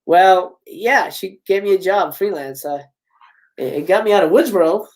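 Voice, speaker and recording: A man's voice: sits high, moderate pace, far from the mic, natural voice. A man doing a sheepish young film geek. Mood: pleading. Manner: pleading, sheepish. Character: nervous, apologetic young male film geek. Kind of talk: live script reading.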